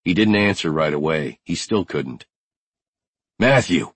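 Deep, husky male audiobook narrator. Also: lively intonation, moderate pace, no echo. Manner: tense, driven storytelling. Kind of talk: first-person audiobook narration.

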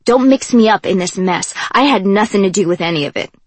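A woman voicing a loud, teasing young man who swears casually, in an audiobook reading with a breathy, dry sound. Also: medium pitch, expressive, a little fast, no room sound. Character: cocky joking young man, loyal friend. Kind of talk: audiobook character voice.

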